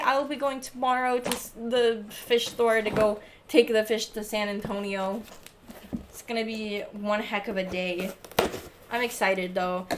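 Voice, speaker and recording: A woman's voice: on the high side, noisy background. A young woman livestreamer chatting casually as she unboxes packages, gushing and swearing freely. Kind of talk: casual chat while unboxing.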